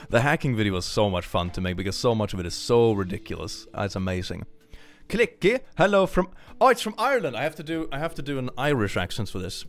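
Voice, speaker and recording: Animated, lively streamer man. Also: medium pitch, fast, no room sound, soft background music. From Sweden. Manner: playful, animated, jokey. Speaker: live streamer. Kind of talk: casual live-stream chat, reading donations.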